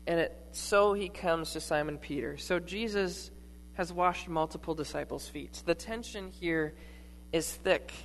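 A preacher telling a scripture story in a sermon, with dramatic pauses and dropping to a hush for emphasis. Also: mid-range voice. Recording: echoey hall with mains hum.

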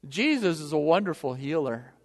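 A male preacher delivers an impassioned sermon, rising to loud appeals and falling to hushed prayer. His voice sits high for a man. A long hall reverb follows every phrase. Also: big pitch swings, normal speed.

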